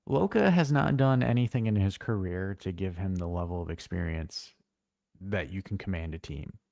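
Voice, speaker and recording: A man co-hosting a casual football live stream, blunt and animated, swearing freely as he tells stories. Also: low voice, normal speed, gravelly, no room sound, clean studio sound. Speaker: co-host.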